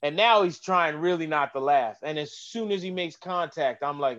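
A man, a golf caddy and comedian, telling stories in a casual chat, animated and swearing, acting out voices. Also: a little high, normal speed, hardly any pauses, muffled recording. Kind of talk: casual podcast storytelling.

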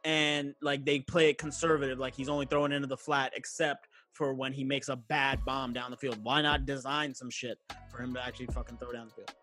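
A man's voice: medium pitch, flat delivery, a little fast, few pauses, pushed and bright, faint music behind. A young man in casual sports chat, ranting in a heated, profane way. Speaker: podcast co-host, sports fan.

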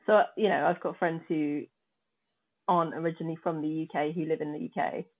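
Low gravelly woman on a tinny line. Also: steady tone, fairly quick. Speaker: podcast co-host. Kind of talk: casual chat.

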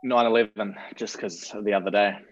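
A man being interviewed as a rugby performance director, relaxed and self-deprecating, thinking aloud as he goes. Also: lowish voice, fairly quick, lo-fi sound, slight background noise. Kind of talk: interview guest.

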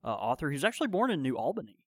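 Quick, lively Southern man, teasing. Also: a little high, no echo. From Mississippi. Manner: joking, teasing, quick with trivia. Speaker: podcast co-host. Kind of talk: casual chat.

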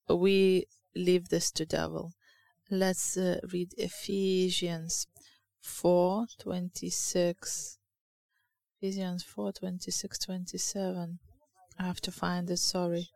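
A woman's voice: lowish voice, little pitch movement, takes it slowly, vocal fry, a little mellow, no room sound. A woman with a Lithuanian accent giving an informal sermon, hesitant and searching for words, reading scripture aloud. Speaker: church speaker.

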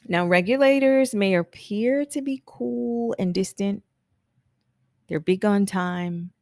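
A woman's voice: mid-range voice, takes it slowly, darkish tone, dry recording, studio quality. A woman coaching hairstylists in a casual solo talk, chatty, laughing often and acting out her clients' lines.

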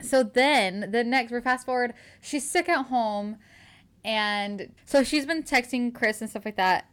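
A young woman with a slightly high voice chats casually on a book podcast. She recaps a romance novel with animated energy, acting out the characters' lines and laughing along the way. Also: measured pace, clean tone. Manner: animated retelling, quotes characters, laughs often.

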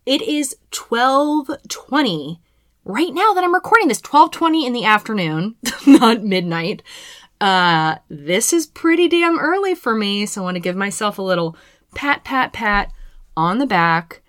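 A woman's voice: fairly high pitch, big pitch swings, a little slow, a bit bright, no echo, clean studio sound. A woman hosting her own podcast, casual and playful, with frequent swearing. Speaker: podcast host. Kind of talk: solo podcast intro.

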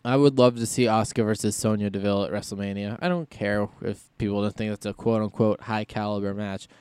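A man's voice: on the low side, steady tone, fast, darkish tone, clean tone, no room sound. A man hosting a solo podcast in casual chat, rambling and thinking aloud as he goes. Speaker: podcast host.

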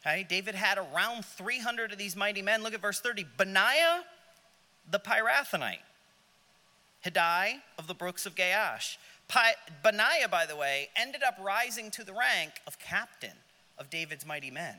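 A man's voice: high-pitched, expressive, moderate pace, pushed and bright, in a large hall. A man teaching a Sunday school Bible class, joking aside and asking the class questions as he reads. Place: church classroom.

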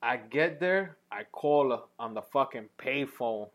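A man in his thirties with a New York accent, telling profane, animated stories on a casual podcast. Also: mid-range voice, unhurried. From New York, Washington Heights. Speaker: podcast co-host. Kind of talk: casual storytelling chat.

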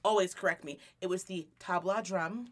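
A woman's voice: fairly low pitch, moderate pace. Profane, laughing woman podcast host. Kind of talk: casual chat.

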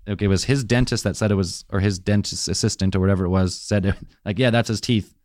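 Low-voiced man laying out theories. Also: fairly even intonation, fast, a little mellow, no echo, studio quality. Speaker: podcast co-host. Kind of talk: casual chat.

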